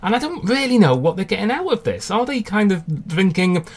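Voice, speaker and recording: A man co-hosting a comedy podcast, trading wry, deadpan quips. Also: high-pitched, fast. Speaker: podcast co-host. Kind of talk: comic banter.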